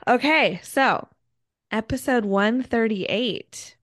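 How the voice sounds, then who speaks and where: A woman's voice: on the high side, slow, no echo. Playful young woman co-host, dry sound. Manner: playful, teasing, laughs often. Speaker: podcast co-host. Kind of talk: casual chat.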